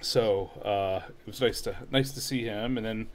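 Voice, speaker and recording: Middle-aged man telling a relaxed story. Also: lowish voice, normal speed. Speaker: co-host of a live online show. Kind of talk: casual chat.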